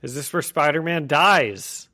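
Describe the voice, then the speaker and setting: A man's voice: a little high, unhurried, sharp tone. A man co-hosting a podcast, chiming in with short, amused reactions during a casual chat. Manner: brief reactions, laughs along. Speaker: podcast co-host.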